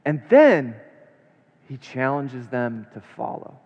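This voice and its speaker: A man preaching a sermon, reading scripture aloud and then unpacking it with rhetorical questions, his delivery swinging between hushed and emphatic. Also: medium pitch, very animated, slow pace. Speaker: pastor. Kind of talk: expository sermon. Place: church sanctuary. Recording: long church reverb, dull lo-fi sound.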